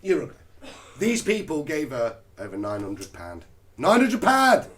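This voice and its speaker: A man co-hosting a crude comedy chat, animated and mocking, swearing a lot. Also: fairly high pitch, a little slow. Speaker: co-host.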